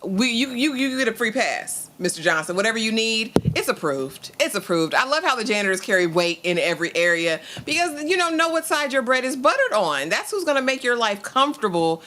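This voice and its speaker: A woman's voice: a little high, big pitch swings, a little fast, hardly any pauses, bright, forceful tone, slight background noise. A woman co-hosting a TV review show, chatting playfully in with frequent laughs. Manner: laughing, playful, quotes characters. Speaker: TV review podcast co-host. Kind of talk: casual TV recap chat.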